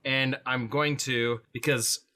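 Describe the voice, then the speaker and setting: A man playing a tabletop game, talking through his moves in an animated way. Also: medium pitch, slow pace. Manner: animated, jumping into loud in-character shouts. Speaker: player.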